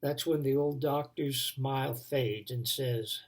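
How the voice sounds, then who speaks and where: Slow, gravelly man telling a devotional story. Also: mid-range voice, steady tone. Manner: building tension, then hushed. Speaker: devotion speaker.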